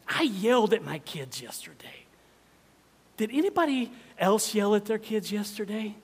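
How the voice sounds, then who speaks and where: A middle-aged man delivers a sermon in a high voice. He swings from loud exclamations to hushed, almost whispered lines. The sound carries the long reverb of a large church hall. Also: lively intonation, normal speed, breathy edge. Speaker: pastor. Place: church sanctuary.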